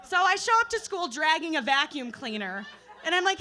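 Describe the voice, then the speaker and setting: A woman's voice: high voice, sing-song, brisk, bright, forceful tone, some chatter behind. A young woman doing a self-deprecating stand-up comedy set at an open mic, telling stories full of fillers and laughs. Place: open mic night at a bar.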